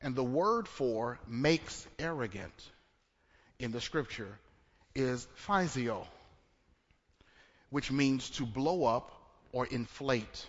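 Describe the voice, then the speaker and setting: Conversational preacher in an echoey church. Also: male voice, mid-range voice, lively intonation, takes it slowly, pauses often. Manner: conversational preaching with repeated words and rhetorical questions. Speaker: pastor. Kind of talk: sermon. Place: church sanctuary. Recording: dull echoey church recording.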